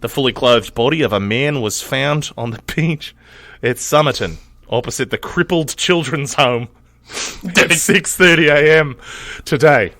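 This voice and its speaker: A man's voice: mid-range voice, unhurried, no echo, studio quality, pitched above the performer's own voice. A man doing a hammy mock-Australian news reader. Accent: put-on Australian. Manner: exaggerated, loud, hammy reading. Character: man reading an old newspaper report in a mock Australian accent.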